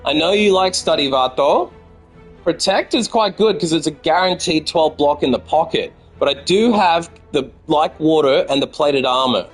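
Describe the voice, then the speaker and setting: An Australian man talks through a card game on stream in a slightly higher-pitched voice. He is casual and profane and keeps chatting with his viewers. Faint music plays underneath. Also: moderate pace. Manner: chatty and profane, talking to chat. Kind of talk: casual gameplay commentary.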